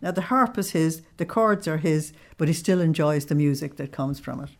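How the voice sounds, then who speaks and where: Low-voiced woman teaching, unhurried. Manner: unhurried, hesitant, checks in with listeners often. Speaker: religious teacher. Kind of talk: spiritual study lesson.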